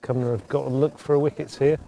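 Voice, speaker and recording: Brief: man, mellow tone, earnest hesitant co-commentator. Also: mid-range voice, fairly even intonation, fast, vocal fry, a little hiss or hum. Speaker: cricket co-commentator. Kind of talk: casual live commentary.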